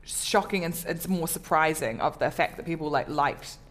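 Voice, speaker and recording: A woman comedian, a guest on an interview, chats casually in a low voice at a moderate pace. She pokes fun at herself, with lots of fillers and restarts.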